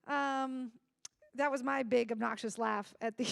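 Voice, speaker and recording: High gravelly-voiced woman host. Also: measured pace, no room sound. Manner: bubbly, crowd-hyping, laughs between lines. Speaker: event host. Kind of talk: live stage hosting and comedy. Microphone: stage microphone.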